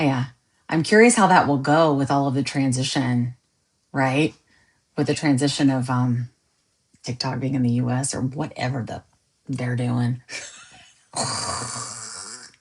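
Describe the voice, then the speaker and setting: A woman podcast host chatting casually with viewers on a live stream, joking and laughing often. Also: low voice. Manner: animated, laughs often, jokey asides.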